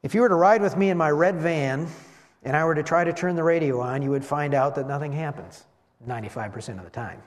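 A man preaching a sermon as pastor, animated and slowing down to stress key words. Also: on the high side. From West Michigan. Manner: animated preaching, slows for emphasis. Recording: long hall reverb.

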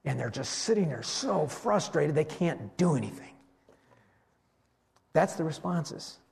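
A male preacher delivering a sermon with a fairly high voice that rises and falls all over the place. He tells the story in an animated way and jumps into the voices of the people in it, shouting their lines. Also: measured pace, gravelly. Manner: animated storytelling, acts out voices of biblical figures.

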